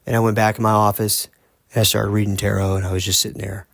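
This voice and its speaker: A man hosting a podcast, earnestly telling a personal story in a halting way, often restarting his sentences. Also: fairly low pitch, level tone, vocal fry, no room sound. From United States. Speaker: podcast host.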